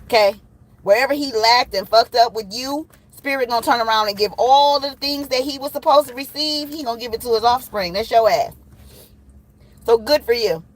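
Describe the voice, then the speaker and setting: A woman's voice: fairly high pitch, moderate pace, low-quality recording. A woman giving a casual livestream tarot reading, blunt and profane, teasing viewers and laughing often. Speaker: tarot reader.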